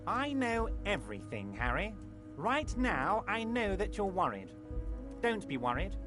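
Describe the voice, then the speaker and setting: A nasal, smug union boss. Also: male voice, sits high, very animated, unhurried, over music. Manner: smooth, patronizing reassurance. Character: smug fat male union boss, oily and overconfident. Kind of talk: video game voice acting.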